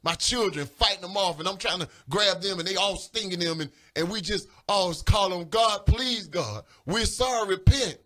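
A man's voice: high-pitched, normal speed, hardly any pauses, pushed and bright. A man giving an emotional spiritual testimony on the radio, pleading and repeating himself as he talks. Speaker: caller giving a religious testimony. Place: radio studio or phone-in.

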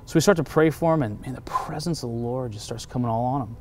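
A man's voice: mid-range voice, quick pace, noisy background. A middle-aged man, a pastor, animatedly telling a story as a guest in an interview and acting out what people said. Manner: animated storyteller who acts out quotes.

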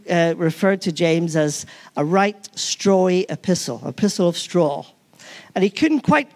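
A man's voice: high voice, a little mellow. A man preaching a sermon, earnest and emphatic, repeating key phrases and often restarting his sentences. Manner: halting with frequent restarts.

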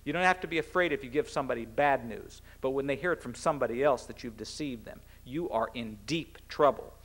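A middle-aged American man, a cabinet secretary, giving a formal public speech in an earnest, measured way with a few restarts. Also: medium pitch, fairly bright tone. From United States.

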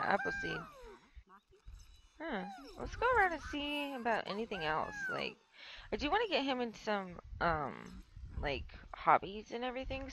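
A woman's voice: mid-range voice, gravelly, a bit bright, slight background noise, low-quality recording. A young woman with a stuffy nose giving casual, rambling let's play commentary, chatting to the characters on screen. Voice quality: rambling, filler-heavy, talks to the game characters. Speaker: gameplay streamer.

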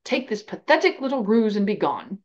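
A woman voicing a cold, imperious male wizard professor who makes slow, quiet, deliberate threats. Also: mid-range voice, very animated. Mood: coldly menacing. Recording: slightly dull lo-fi recording.

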